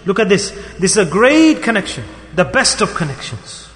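Male preacher, high and bright, emphatic storyteller, hall reverb. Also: very animated, normal speed. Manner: storytelling, emphatic, rising and falling. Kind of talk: sermon.

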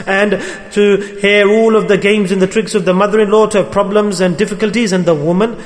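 A man's voice: high voice, steady tone, fairly quick, in a large hall. A man preaching a sermon to his brothers, telling stories and acting out the quoted voices of the people in them. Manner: storytelling, acts out quoted speech.

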